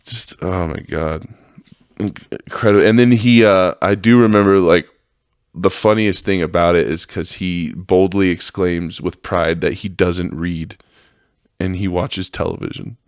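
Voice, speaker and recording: A man with a very low voice rants on a podcast, rambling and swearing with a sarcastic edge. The sound is dry and close to the mic, with no room around it. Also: fairly even intonation, measured pace, no room sound. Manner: profane, rambling, sarcastic, laughs often. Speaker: podcast host. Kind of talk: casual monologue rant.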